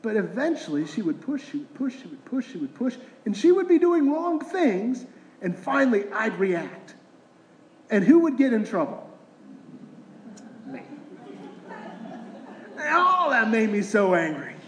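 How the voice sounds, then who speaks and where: A man's voice: very high-pitched, big pitch swings, unhurried, pauses often, darkish tone. A middle-aged man, a pastor, preaching a conversational sermon full of rhetorical questions. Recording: roomy echoing hall.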